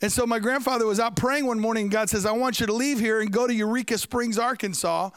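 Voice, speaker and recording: Male preacher, storytelling sermon, high resonant voice, dry close sound. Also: fairly even intonation, quick pace, fairly bright tone, clean tone, no echo. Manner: storytelling with asides to the congregation.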